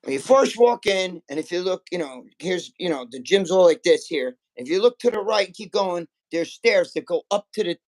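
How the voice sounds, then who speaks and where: A man in his sixties, a guest, telling rough, animated stories in casual chat and swearing often. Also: high-pitched, normal speed, hardly any pauses, poor audio. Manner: animated, profane storytelling.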